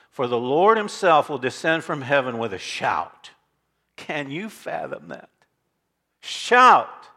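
Preaching pastor, loud and hushed by turns. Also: male voice, mid-range voice. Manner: dramatic preaching, swings between loud declarations and hushed asides; reads scripture aloud with emphasis. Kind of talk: sermon.

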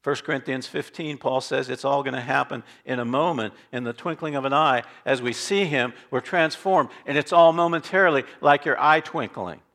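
A man preaching a sermon as pastor, reading scripture aloud and swinging between loud declarations and quiet asides. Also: medium pitch, moderate pace, few pauses. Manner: reads scripture aloud with emphasis.

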